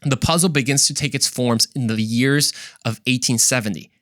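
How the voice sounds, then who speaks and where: Male host, mid-pitch, casual storyteller who corrects himself and wanders into asides. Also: fairly even intonation, moderate pace, fairly bright tone, no room sound, clean studio sound. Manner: chatty, self-correcting, with asides.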